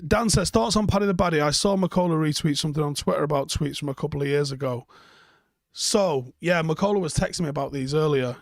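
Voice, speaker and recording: A man's voice: a little high, fairly quick, creaky, dry recording, clean studio sound. A man hosting a live stream, chatting casually and bluntly while reading out viewer comments, swearing freely.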